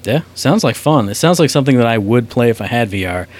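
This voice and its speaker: A man's voice: medium pitch, lively intonation, quick pace. A man co-hosting a gaming podcast in casual chat, joking around and slipping into silly voices when he tells stories. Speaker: podcast co-host.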